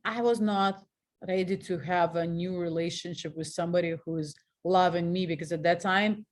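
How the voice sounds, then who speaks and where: This is a woman in her forties with a Russian accent, opening up about her own life as a guest. Her voice sits somewhat low, and she talks frankly and with animation. She laughs at herself and often stops to restart her sentences. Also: steady tone, moderate pace. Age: 40s. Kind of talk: candid personal storytelling.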